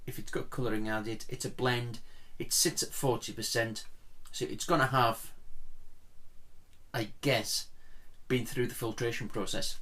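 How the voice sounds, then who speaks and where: A man's voice: medium pitch, steady tone, a little slow, a bit bright. A man talking casually at home as he reviews a whisky, chatty and rambling, often digressing and poking fun at himself. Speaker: whisky vlogger reviewing a dram. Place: at home, indoors, blinds closed.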